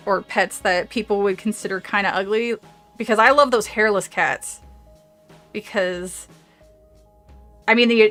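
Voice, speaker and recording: A woman's voice: medium pitch, fairly bright tone. A woman streamer chatting casually with her audience, rambling, trailing off into asides and laughing often. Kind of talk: casual livestream chat with audience.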